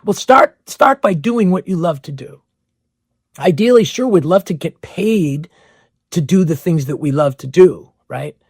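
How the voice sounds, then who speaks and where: A man hosts a spiritual podcast monologue, firing off rhetorical questions and circling back to the same phrases. His voice sits high and has a gravelly edge. The sound is dry and close. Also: lively intonation, a little slow, no room sound. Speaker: podcast host.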